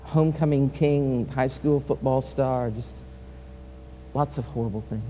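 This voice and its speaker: A male pastor preaching a sermon, swinging from loud, impassioned peaks to quiet, soft passages. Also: medium pitch, a little slow, lo-fi sound. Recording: reverberant hall with faint hum.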